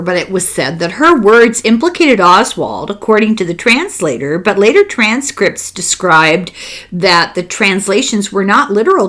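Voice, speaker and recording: An older woman with an Irish accent, hosting a podcast and retelling a book in a casual, wry, conspiratorial way. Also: fairly low pitch. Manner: animated, wry, conspiratorial storytelling. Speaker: podcast host discussing a book. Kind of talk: casual chat.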